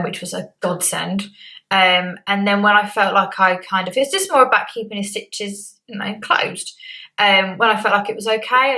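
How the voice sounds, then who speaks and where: A young woman talks straight to her viewers in a loose, candid chat. Her voice is bright and forward. She keeps it conversational and slips in lively acted-out quotes. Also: medium pitch, poor audio. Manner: chatty and candid, acts out quotes. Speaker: beauty vlogger. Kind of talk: casual chat to camera.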